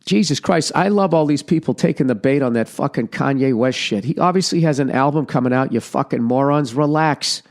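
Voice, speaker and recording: Man, middle-aged, podcast host, gravelly voice, profane sarcastic rant, comedic monologue. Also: on the high side, animated, normal speed, hardly any pauses, a little mellow.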